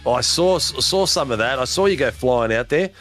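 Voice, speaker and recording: A man's voice: mid-range voice, animated, normal speed, a bit bright, soft background music. A man hosting post-race interviews for a sim racing broadcast, chatty and hyped up. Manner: hyped announcer, chatty, says mate a lot.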